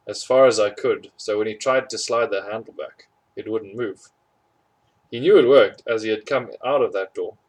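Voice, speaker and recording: A man reading a storybook aloud in a fairly low voice. He sounds amused by the tale and fixes his small slips on the fly. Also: poor audio. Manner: amused, chuckles at funny parts, corrects slips. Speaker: audiobook reader.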